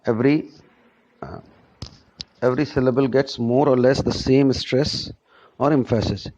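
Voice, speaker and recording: A man teaching a pronunciation lesson to students, speaking slowly and often checking in with "right?". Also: mid-range voice, fairly even intonation, darkish tone, muffled recording. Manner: slow and deliberate, checks in with "right?". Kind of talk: classroom lecture on pronunciation.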